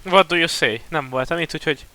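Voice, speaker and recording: A man giving loud, chatty casual commentary while playing a video game. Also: on the high side, fast. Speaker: streamer.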